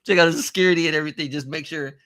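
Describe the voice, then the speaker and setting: A man's voice: a little high, steady tone, sharp tone. Rambling man hosting a casual livestream. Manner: rambling, halting, greets chat viewers by name with chuckles. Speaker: livestream host.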